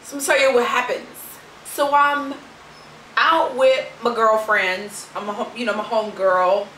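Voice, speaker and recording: A woman's voice: on the high side, a little slow, roomy sound, far from the mic, slight background noise, rough recording. Brash, foul-mouthed young woman ranting. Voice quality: brash, sassy, expressive. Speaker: vlogger. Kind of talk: profane storytelling rant.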